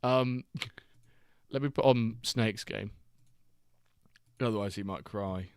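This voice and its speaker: A man's voice: lowish voice, slow pace, clear, resonant tone, no room sound, clean studio sound. A man hosting a live watchalong stream, reading chat aloud and bantering with a jokey, laughing manner.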